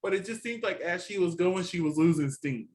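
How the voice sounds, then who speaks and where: A man's voice: high-pitched, a little fast, rough recording. Chatty man reviewing a TV show. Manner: chatty and animated, laughs often, quotes reactions. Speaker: co-host reviewing a TV competition. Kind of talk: casual review chat.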